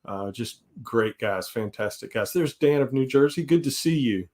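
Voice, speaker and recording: A man in his forties from South Carolina guest-hosts a live stream, chatting in an easygoing, rambling way with a Southern US accent. His mid-range voice is expressive and darkish, at a moderate pace.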